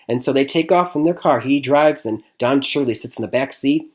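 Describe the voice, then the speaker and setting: A man's voice: medium pitch, expressive, a little fast. A man from Michigan giving a casual, chatty movie review. He talks loosely, with frequent "I mean" and "like I said", and he laughs often. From Michigan, USA.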